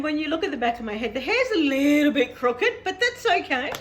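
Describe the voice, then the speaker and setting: A woman's voice: sits high, very animated, brisk, a bit bright, slight background noise. A middle-aged woman, chatting casually as a vlog host and laughing often as she tells a story. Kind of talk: casual chat.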